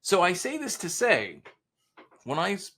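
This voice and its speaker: Animated gravelly man explaining sales. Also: high-pitched, unhurried. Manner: animated storyteller, acts out quoted dialogue. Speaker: sales author and consultant guest. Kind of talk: casual podcast interview.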